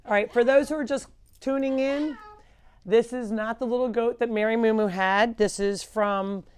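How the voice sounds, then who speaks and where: A woman's voice: fairly high pitch, steady tone, moderate pace, darkish tone, slight background noise. A woman hosting a live farm show, chatting casually and switching into cooing baby talk with the animals, indoors at home on a clip-on mic. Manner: coos and baby-talks to animals; chatty, rambling explanations. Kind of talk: casual live-stream chat. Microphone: clip-on microphone.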